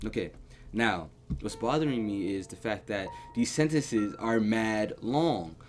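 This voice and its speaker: A young man commenting on a horror game at home, jumpy and excitable, yelling and cursing at scares and joking in casual slang. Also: lowish voice, slow pace, soft background music. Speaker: gaming YouTuber. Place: home room.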